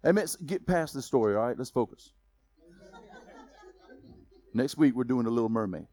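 A man preaching a sermon, telling a story in a lively, casual way with slang. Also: mid-range voice, normal speed. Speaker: pastor.

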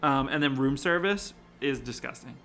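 A man co-hosting a podcast, telling cruise stories in animated, profane casual chat. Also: medium pitch, normal speed, gravelly. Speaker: podcast co-host.

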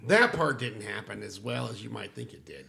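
Brief: male player, gravelly lively voice, dry matter-of-fact asides. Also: on the low side, brisk. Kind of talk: casual tabletop play.

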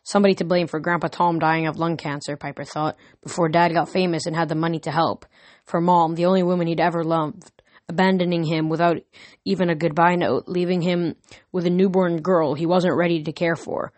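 A woman narrating an audiobook in a steady, earnest storytelling manner, recorded close. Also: fairly low pitch, a little fast, dry recording.

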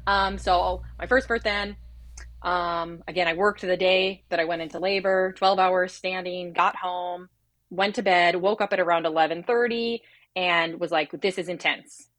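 A woman in her thirties, a pharmacist and podcast guest, telling her personal birth story in an earnest, animated way. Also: on the low side, normal speed, no echo.

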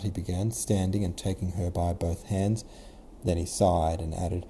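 A man's voice: sits low, steady tone, measured pace, few pauses, dark tone, a little hiss or hum. A man reading a classic novel aloud in a casual modern retelling, as the podcast host. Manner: casual modern retelling, occasional self-corrections. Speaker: podcast host and audiobook reader. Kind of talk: scripted narration.

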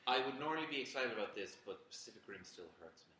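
A man's voice: mid-range voice, animated, fast, pushed and bright, echoey room. A man co-hosting a casual film chat, opinionated and wry. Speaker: film show co-host.

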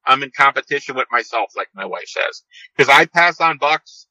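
A man's voice: mid-range voice, lively intonation, normal speed, bright, forceful tone, dry recording. A man in his fifties, a podcast guest calling in by phone, telling stories in a rambling way that keeps repeating and restarting phrases. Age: 50s. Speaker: podcast guest, seed company owner. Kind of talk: casual storytelling interview. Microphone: phone call. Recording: dull, dry phone-call audio.

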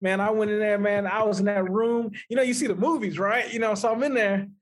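A man co-hosting a podcast, telling a personal story in casual chat, animated and laughing often. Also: high-pitched, a little fast. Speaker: podcast co-host.

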